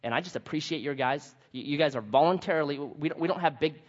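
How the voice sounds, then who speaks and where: A man preaching a sermon as pastor, animated and acting out quotes with humor. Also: on the high side, quick pace, dull audio.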